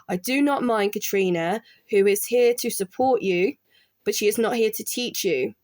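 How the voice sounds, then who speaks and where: A middle-aged woman, an artist who used to work in college art support, chats casually as she works on her art. She rambles, restarts her sentences, and quotes people she once worked with. Her voice is mid-range and a little mellow, recorded with no room sound.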